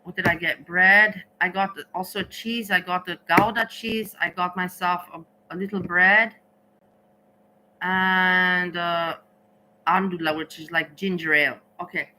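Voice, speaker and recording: A tired woman chatting casually in a vlog, rambling and halting with many restarts and fillers. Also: fairly low pitch, fairly even intonation, sharp tone, a little hiss or hum, low-quality recording. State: tired, slow thinking. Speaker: vlogger.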